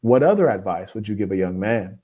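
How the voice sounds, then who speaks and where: A man's voice: fairly low pitch, expressive, a little fast, warm tone, breathy edge. A man voicing an earnest young man politely asking for advice, in a retold story. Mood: eager.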